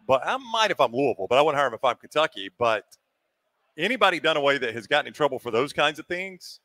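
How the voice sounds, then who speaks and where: A man with a bright, forceful voice hosts a sports talk show. He talks in a chatty, opinionated way, and the sound is dry and close. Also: mid-range voice, very animated, fast, no room sound. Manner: opinionated, chatty, asks pointed questions. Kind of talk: casual sports chat. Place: restaurant, live show.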